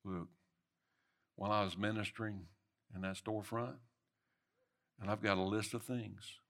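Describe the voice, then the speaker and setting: A middle-aged man preaching a sermon, swinging between loud emphatic bursts and soft murmured lines. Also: fairly low pitch, fairly even intonation, moderate pace, creaky.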